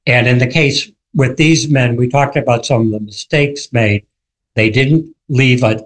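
Male author guest, mid-pitched, animated storyteller on a radio interview. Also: rough recording. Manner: vivid storyteller, acts out quoted shouts.

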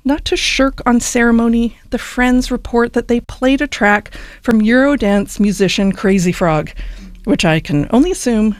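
Lady radio host doing a funny news bit, kinda high voice, wry, super dry studio mic. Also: moderate pace, dry recording. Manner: wry, playful delivery. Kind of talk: scripted radio news item.

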